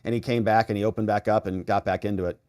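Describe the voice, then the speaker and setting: A man's voice: on the low side, steady tone, quick pace, a little mellow, dry recording, studio quality. A man hosting a live stream, chatting casually and reading viewer comments aloud with sarcastic asides.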